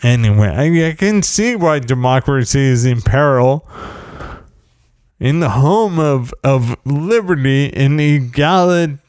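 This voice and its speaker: A man tells a long, wry story at an unhurried pace. His voice is smooth and resonant. He keeps breaking off mid-sentence and restarting, and the sound is dry and close. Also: medium pitch, a little mellow, dry recording. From United States. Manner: rambling, self-interrupting, wry and humorous. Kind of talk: casual storytelling anecdote.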